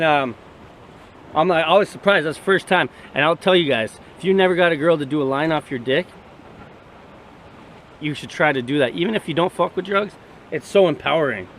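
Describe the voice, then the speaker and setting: A man's voice: a little high, a bit bright, a little hiss or hum. A man telling a crude story in a rambling, swearing, casual way to his vlog camera outdoors by the sea. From Canada. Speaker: vlogger.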